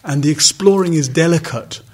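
A man's voice: a little high, a little fast, husky. A man giving a reflective, conversational dharma talk as a meditation teacher, with wry asides. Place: retreat center hall.

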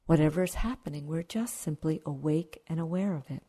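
A woman meditation teacher giving a dharma talk in a calm, reflective manner, with asides to the audience. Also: sits low, fairly quick. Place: meditation retreat hall.

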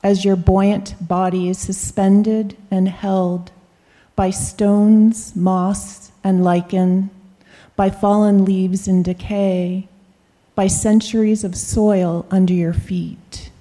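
A woman slowly reading a reflective nature poem aloud in a measured way. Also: medium pitch, little pitch movement, mellow, big-room sound. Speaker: retreat participant.

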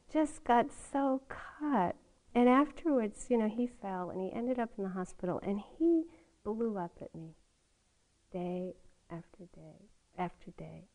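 A woman's voice: mid-range voice, a little mellow, poor audio. An older woman giving a meditation talk at a retreat, telling a personal story in a candid way and laughing often. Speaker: meditation teacher.

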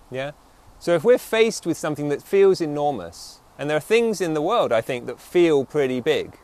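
Reflective male meditation teacher, lively pitch. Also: normal speed, few pauses. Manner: reflective, often checks in with "yeah?". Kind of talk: dharma talk.

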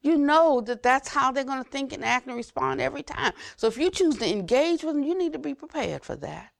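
An older woman giving an unhurried Buddhist dharma talk, repeating phrases for emphasis and trailing to a near whisper at phrase ends. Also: high voice, lively intonation, creaky, no room sound, studio quality. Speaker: Buddhist teacher.

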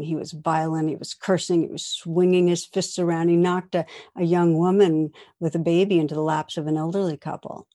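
Woman meditation teacher, low mellow voice, soft reflective storytelling. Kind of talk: dharma talk. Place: meditation hall.

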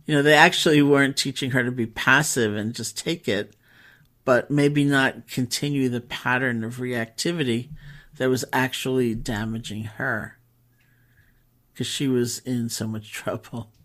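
In a relaxed, conversational storytelling talk, a female meditation teacher shares stories, pausing often and using fillers. She has a bass voice.

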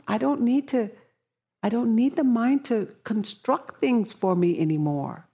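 A woman meditation teacher giving a dharma talk, reflective and slow, mixing in casual slang. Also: mid-range voice, creaky, warm tone, breathy edge.

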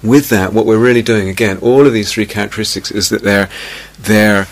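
A man giving a meditation teaching in a reflective, unhurried way, softly repeating key phrases. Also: lowish voice, fairly even intonation. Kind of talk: dharma talk. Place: retreat meditation hall.

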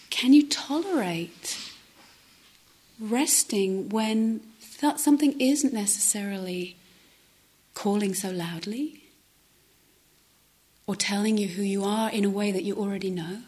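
A woman giving a reflective meditation talk, speaking softly and haltingly, often dropping to a near-whisper. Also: medium pitch, slightly rough. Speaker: meditation teacher.

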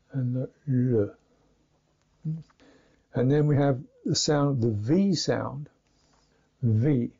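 A man teaching pronunciation in a slow instructional talk, deliberately repeating and demonstrating each consonant sound. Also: mid-range voice, creaky, mellow, breathy edge. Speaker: Buddhist meditation teacher. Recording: dull lo-fi recording.

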